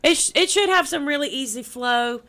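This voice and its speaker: A young woman, chatting as a guest on a radio show about an event she is organizing, bubbly and quick to repeat herself. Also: high-pitched, animated, bright, forceful tone. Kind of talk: casual radio interview.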